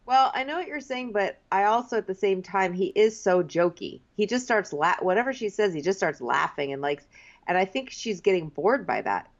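A woman's voice: medium pitch, lively intonation. Chatty woman, lo-fi sound. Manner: chatty, quick to act out quotes. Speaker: podcast co-host. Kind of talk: casual chat.

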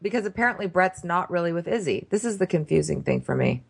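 Female co-host, mid pitch, lively intonation, wry recap from notes. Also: fast, creaky, slightly rough. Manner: wry, recaps from her notes with blunt jokes. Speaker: podcast co-host. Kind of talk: casual recap chat.

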